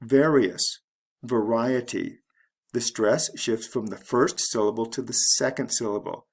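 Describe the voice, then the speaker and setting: A man teaching an English pronunciation lesson, reading word pairs slowly and spelling out endings letter by letter. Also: medium pitch, steady tone, husky. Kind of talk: slow, deliberate pronunciation lesson.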